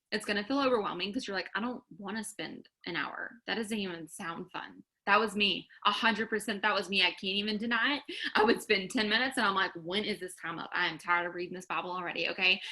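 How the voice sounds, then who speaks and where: A woman's voice: medium pitch, bright, forceful tone. A woman giving a candid, earnest faith pep talk to her followers, full of fillers and direct challenges.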